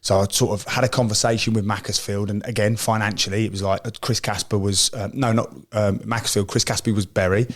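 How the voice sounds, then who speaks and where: Man, middle-aged, low voice, rambling anecdotes, casual podcast chat. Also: little pitch movement, quick pace, hardly any pauses. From Essex, England. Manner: rambling storyteller, restarts, acts out quoted voices. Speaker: podcast co-host, ex-footballer.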